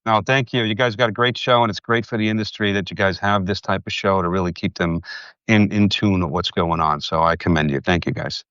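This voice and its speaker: A man with a New York City accent, a podcast guest telling lively stories in casual chat. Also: low-pitched, fairly quick, clear, resonant tone, no echo, dull audio. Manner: lively anecdotal storyteller. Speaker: podcast guest, industry board chair.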